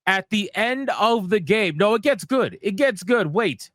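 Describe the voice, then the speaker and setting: A man's voice: high-pitched, lively intonation, unhurried, fairly bright tone, no echo. Exasperated man ranting about a game. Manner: exasperated, profane, repetitive ranting. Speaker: gaming commentator. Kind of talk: casual ranting commentary.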